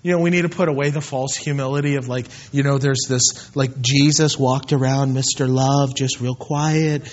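A man preaching a sermon, swinging between soft asides and loud, emphatic bursts. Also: medium pitch, fairly even intonation, moderate pace. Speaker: pastor. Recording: dull lo-fi sermon recording.

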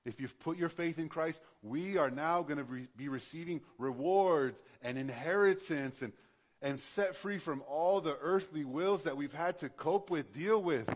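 A man's voice: on the high side, measured pace. A male pastor preaching a sermon in a conversational, passionate way, building to emphatic bursts.

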